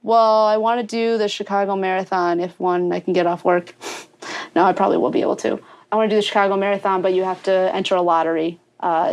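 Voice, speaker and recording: A young woman guest in a podcast interview, chatty and laughing often as she acts out her own thoughts. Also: lowish voice. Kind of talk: casual storytelling interview.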